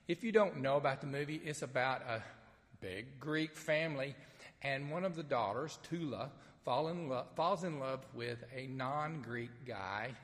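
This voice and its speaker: A man with a Southern accent, a pastor from Mississippi, preaching an Easter sermon in a folksy storytelling way with gentle humor. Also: medium pitch, long reverb tail. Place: sanctuary with only a few people present.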